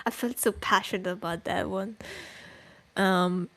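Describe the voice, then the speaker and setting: A woman's voice: mid-range voice, steady tone, very slow, long pauses, no echo. Exasperated, swearing woman podcaster. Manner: exasperated, profane, loud bursts, with sighs. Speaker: podcast co-host. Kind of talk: heated podcast rant reacting to a document. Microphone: desk microphone close to the mouth.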